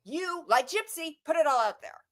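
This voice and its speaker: A woman's voice: sits high, expressive, moderate pace, a bit bright. A woman co-hosting a livestream, venting earnestly in casual chat about being harassed online. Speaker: livestream co-host.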